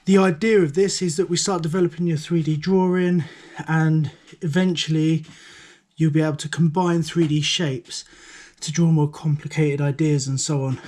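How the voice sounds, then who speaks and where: A man teaching a step-by-step drawing lesson in a monotone voice, a little out of breath. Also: a little high, moderate pace. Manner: calm, explains while drawing.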